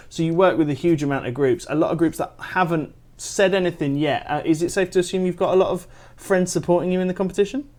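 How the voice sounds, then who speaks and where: A man with a somewhat high voice hosting a livestream interview. His questions wander and restart on the way, in a loose conversational tone. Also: darkish tone. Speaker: livestream co-host.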